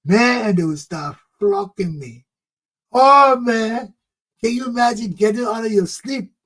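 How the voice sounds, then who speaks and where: A man's voice: high-pitched, a bit bright, low-quality recording. A man hosting a talk show, telling a childhood story with a lot of feeling and teaching a parenting lesson, often exclaiming "oh, man".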